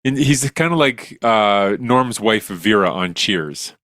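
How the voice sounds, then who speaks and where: A man's voice: on the low side, lively intonation, slow, fairly bright tone, dry recording, clean studio sound. A man, a science educator, explaining ideas in an enthusiastic, jokey way. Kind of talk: casual chat.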